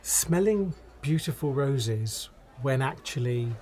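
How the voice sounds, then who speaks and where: A man hosting a podcast, telling stories in a relaxed, wry way. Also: mid-range voice, takes it slowly. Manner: relaxed and wry, laughs at his own jokes. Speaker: podcast host. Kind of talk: conversational podcast storytelling.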